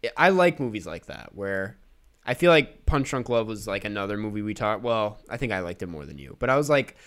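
A man's voice: lowish voice, very animated, brisk, a bit bright. A man co-hosting a podcast, chatting casually, laughing often and using many fillers. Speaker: podcast co-host. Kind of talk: casual chat.

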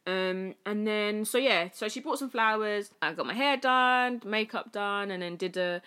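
A woman's voice: medium pitch, measured pace, sharp tone, clean tone. A young woman with a British accent, a podcast guest telling a personal story in casual chat, full of fillers and acted-out quotes. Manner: chatty storytelling, many fillers, acts out quoted speech.

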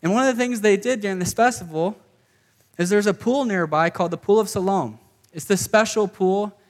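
A man with a notably high voice preaching to a gathered group. He talks in a loose, conversational way, often checking in with "okay" and slipping in "like" as he explains things. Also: fairly quick. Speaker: pastor. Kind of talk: casual sermon to a live group.

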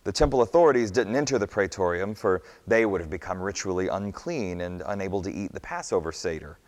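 A man narrating a scripture story in a measured, expressive reading. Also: deep voice. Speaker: scripture reader. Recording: long hall reverb.

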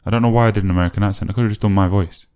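A man with a deep, low-pitched voice talks through his own old tracks in a relaxed, reflective way. He muses and rambles, with plenty of ums and restarts as he thinks aloud. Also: rapid-fire, clear, resonant tone. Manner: musing and rambling, with many fillers and self-corrections. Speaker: musician reviewing his own old album. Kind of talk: casual reflective commentary.

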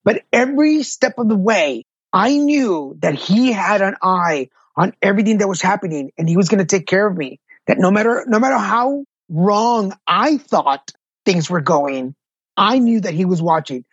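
A man's voice: high voice, animated, moderate pace, breathy edge, no echo, dull audio. A middle-aged man, a patient advocate, telling his personal story in an interview, earnest and candid. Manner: earnest, candid, self-deprecating.

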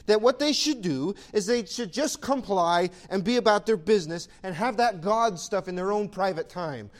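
A man's voice: sits high, moderate pace, hardly any pauses. A male pastor preaching a sermon, exhorting with emphatic rhetorical questions.

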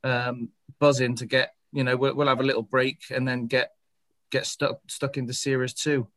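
A man's voice: medium pitch, little pitch movement, moderate pace, a bit bright, no room sound. Laid-back man hosting a podcast. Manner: laid-back, rambling, wrapping up the episode. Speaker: podcast host. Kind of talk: casual podcast chat.

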